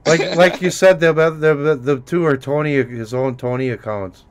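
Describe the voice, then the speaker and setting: A man's voice: fairly high pitch, normal speed, slight background noise. A man hosting a casual profane chat show with a Minnesotan accent, rambling and laughing as he mocks others. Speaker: host.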